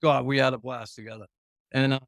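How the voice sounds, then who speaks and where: A retired pro hockey player telling rambling, profane stories as a guest in a casual interview, chuckling along the way. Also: male voice, mid-range voice, flat delivery, brisk, a bit bright, dry recording, studio quality.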